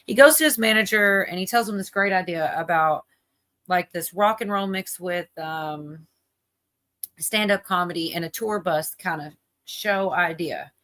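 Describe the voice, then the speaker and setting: A woman's voice: lowish voice, measured pace, fairly bright tone. A woman hosting a livestream, chatting casually and rambling with lots of fillers while she reacts to a video. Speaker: livestream host.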